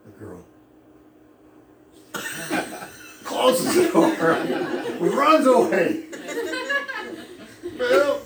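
A man preaches to a congregation, spinning a funny anecdote with frequent chuckles and side remarks. His voice sits a little high. He is picked up from across an echoey church hall with faint room noise. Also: far from the mic. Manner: humorous, chuckling storyteller who digresses. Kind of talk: storytelling sermon to a congregation.

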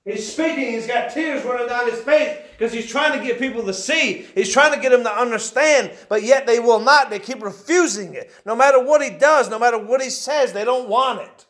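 A man preaching a sermon, building into shouted emphasis. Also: very high-pitched, moderate pace, few pauses. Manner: impassioned, rising to shouts. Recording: echoey church room.

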